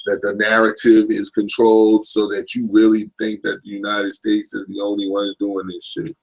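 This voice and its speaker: With a gravelly, fried voice pitched fairly low, a man in his thirties hosts a casual live stream. He speaks in a monotone at a moderate pace, rambling, swearing freely and repeatedly asking "you know what I'm saying." The recording is rough.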